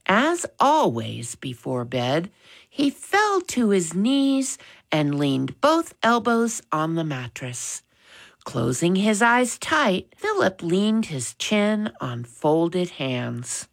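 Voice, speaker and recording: Low gravelly woman narrating a storybook. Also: no room sound. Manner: measured, expressive.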